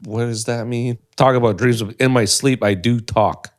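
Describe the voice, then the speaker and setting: A man in his thirties co-hosting a podcast, telling stories in an animated way and laughing often. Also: medium pitch, moderate pace. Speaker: podcast co-host. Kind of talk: casual chat.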